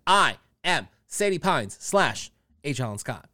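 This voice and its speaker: A man's voice: a little high, sing-song, a little slow, bright, forceful tone, no room sound, clean studio sound. A man co-hosting a podcast in playful, campy casual chat, with a cough from a cold. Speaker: podcast co-host.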